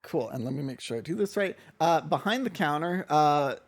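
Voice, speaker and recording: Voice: medium pitch, expressive, normal speed. Game master rambling through a tabletop scene, lots of ums, mid voice on a desk mic. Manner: hesitant, lots of fillers and restarts. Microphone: desk microphone.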